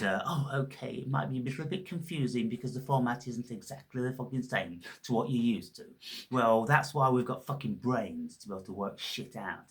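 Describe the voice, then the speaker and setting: A man's voice: lowish voice, fairly bright tone. A man hosting his own channel, ranting in a scornful, heavily profane monologue. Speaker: channel host.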